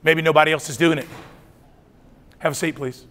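A middle-aged man with a fairly high-pitched voice speaks at a moderate pace, preaching at a youth conference in a large church hall. He tells an animated story and acts out the different voices. The hall's reverberation is clearly audible in the recording.

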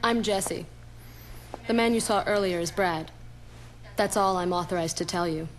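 A woman's voice: fairly low pitch, moderate pace, slight background noise, close to an everyday voice. Jessie, a woman voicing a curt, guarded agent. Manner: curt, evasive. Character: guarded female federal agent, curt and evasive. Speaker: game character. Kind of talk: video game cutscene dialogue.

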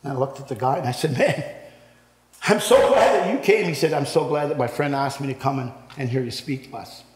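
A man's voice: mid-range voice, steady tone, quick pace. An older man from Canada tells his testimony to a men's breakfast. He rambles from story to story, acting out each quote and then swelling into preaching. His voice rings through a roomy church hall with a long, lingering reverb. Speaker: guest speaker giving his testimony.

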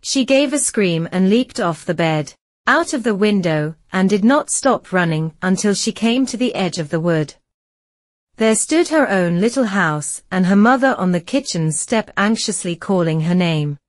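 A woman narrating a children's story slowly and carefully for English learners. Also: medium pitch, lively intonation, no echo, clean studio sound. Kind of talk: slow scripted story narration.

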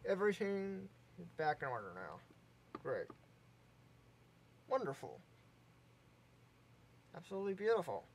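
A man's voice: sits high, very animated, a little slow, creaky, long pauses, a little hiss or hum. A man hosting a casual let's play, mumbling to himself, trailing off, and humming snatches of tunes as he plays. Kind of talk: casual gameplay commentary.

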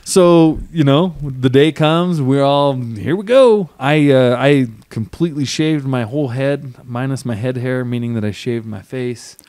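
A man telling a story on a podcast, lively and laughing often, acting out what people said to him. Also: mid-range voice, measured pace, few pauses, smooth, no echo. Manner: animated, laughs often, acts out quotes. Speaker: podcast guest, auctioneer and trucker. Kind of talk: casual storytelling.

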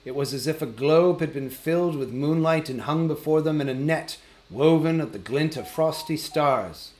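Guy reading a fantasy book aloud, steady even narration. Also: fairly high pitch, normal speed, echoey room, slight background noise, low-quality recording. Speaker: audiobook reader. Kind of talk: storybook narration.

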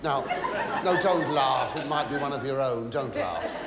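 A male comedian with a medium-pitched voice tells a story on a theatre stage a little slowly, stammering and muttering gossipy asides, then breaking into sudden shrieks and mock pleas. The reverberant live recording sits over a noisy, laughing crowd with heavy background noise.

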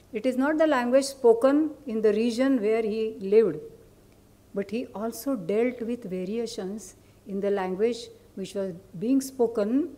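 Patient explanation marks this academic lecture by a woman speaking Indian-accented English, Marathi being her first language. Her voice is soft, mellow and fairly high, and she breaks off now and then for asides and questions to the audience.

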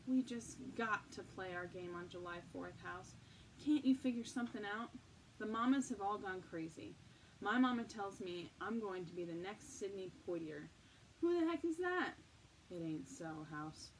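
A woman's voice: mid-range voice, expressive, moderate pace, natural voice. A woman voicing a spirited young boy with a folksy drawl who tells a story earnestly and with emphasis. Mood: pleading. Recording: distant mic, faint noise.

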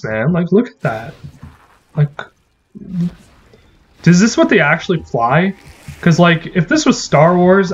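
A man's voice: on the high side, lo-fi sound. A man giving casual, rambling gameplay commentary as a gaming channel host, swearing when frustrated.

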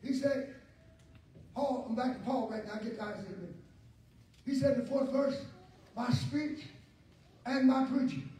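A man preaching a sermon, shouting call-and-response lines and then dropping to quiet talk. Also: very high-pitched. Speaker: pastor. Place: large church sanctuary. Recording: echoey church hall from far off.

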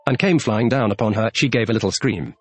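A man reading a classic children's novel aloud as an audiobook narrator, in a measured storytelling manner. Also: fairly low pitch, breathy edge, no echo, faint music behind. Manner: measured storytelling, shifts tone for characters.

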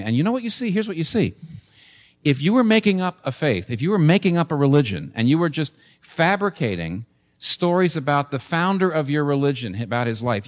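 A man's voice: on the high side, big pitch swings, a little fast. A man in his sixties preaching a sermon in church, earnest and building to emphatic, repeated points. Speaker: pastor.

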